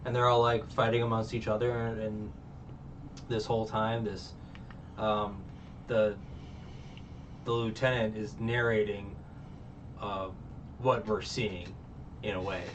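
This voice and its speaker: A man's voice: on the low side, level tone, measured pace, pauses often. A man casually recapping a show as a reviewer, rambling with many fillers and restarts. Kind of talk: casual chat. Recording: muffled distant mic, faint background noise.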